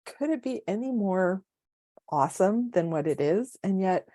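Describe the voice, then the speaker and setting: A woman in her fifties co-hosts a casual podcast, telling stories with animation and acting out the dialogue. Her voice is mid-range and her pace measured, captured in a dry, studio-quality recording.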